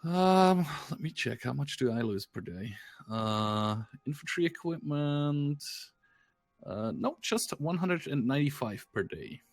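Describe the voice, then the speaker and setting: A man's voice: on the high side, expressive, unhurried, soft background music. A man co-hosting a let's play, chatting and joking casually as he plays, laughing often. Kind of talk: casual gameplay commentary.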